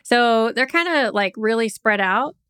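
A woman's voice: fairly high pitch, expressive, unhurried, fairly bright tone, smooth, no echo, studio quality. A woman from Oklahoma co-hosting a casual podcast chat, reading facts from notes with chatty asides. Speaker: podcast co-host.

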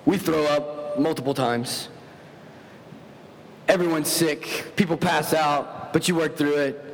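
A man preaching a sermon, telling stories with animated, self-mocking humor. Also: takes it slowly. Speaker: pastor. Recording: long hall reverb with faint rumble.

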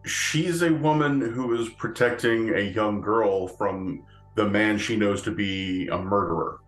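A man chats slowly and loosely on a podcast, full of fillers and restarts. His voice sits a little low. The room has a noticeable echo, with faint music underneath. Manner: rambling, many fillers and restarts, laughs often. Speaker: podcast co-host. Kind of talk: casual chat.

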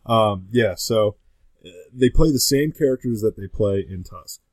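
Rambling low-voiced man. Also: animated, measured pace, no room sound. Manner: rambling, full of fillers and restarts. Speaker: podcast guest. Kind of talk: casual chat.

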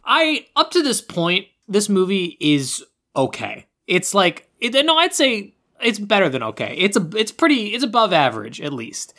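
A man casually recapping a movie plot on a podcast, animated, slipping into quick character voices. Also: high voice. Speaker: podcast co-host.

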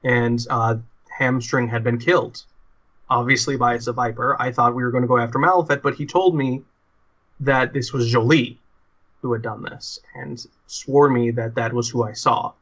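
A man voicing a weary, secretive male weasel-like creature guard in a tabletop role-play, talking in halting stops and restarts. The audio is slightly muffled. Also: mid-range voice, fairly even intonation, a bit bright. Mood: uneasy.

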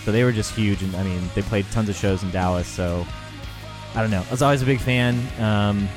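A man's voice: lowish voice, a little fast. Laughing man with music behind. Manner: laughs often, swears, teasing. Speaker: podcast co-host. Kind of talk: casual chat. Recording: music clearly playing behind.

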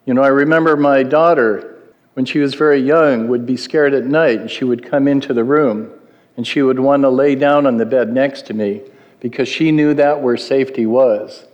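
A man's voice: mid-range voice, steady tone, moderate pace, a little mellow, lo-fi sound. A middle-aged man preaching a sermon in an earnest teaching manner, putting questions to his listeners. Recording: long hall reverb.

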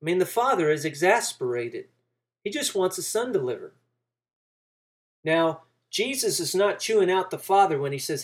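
A man's voice: high-pitched, lively intonation, normal speed. A man preaching a sermon, walking through a passage and acting out the quoted lines with rising emphasis.

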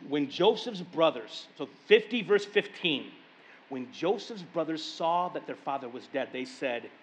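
A male pastor preaching a sermon, retelling scripture stories in lively casual speech. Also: fairly high pitch, a little slow, dull audio. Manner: animated storytelling, paraphrasing scripture in casual speech. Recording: long reverb of a large hall.

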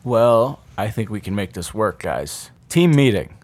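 A man casually chatting while playing a tabletop role-playing game, easygoing and quick to laugh. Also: fairly low pitch, big pitch swings, no room sound. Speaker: player.

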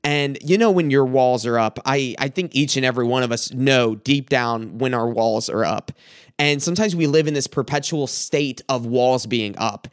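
A young man hosting a podcast, giving a reflective faith talk in an earnest, halting way, often repeating words as he tells a personal story. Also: medium pitch, smooth, dry recording, clean studio sound. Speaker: podcast host.

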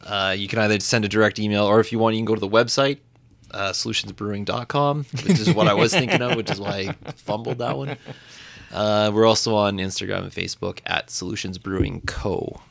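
Gravelly low man explaining. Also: fairly even intonation, brisk, a bit bright, no room sound. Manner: explanatory, easygoing. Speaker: podcast co-host, brewer. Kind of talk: casual chat.

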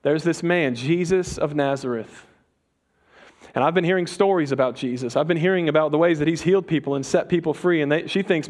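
A man preaching a sermon, retelling a story with dramatic pauses and humor. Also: on the high side, a little mellow.

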